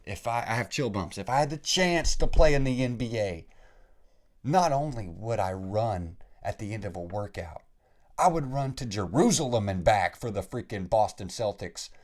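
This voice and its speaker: A young man hosting a solo podcast, talking casually with lots of "dude" and "man", dropping to low mutters and then climbing to excited shouts. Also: normal speed. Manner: casual, swears lightly, says "dude" and "man". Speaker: podcast host.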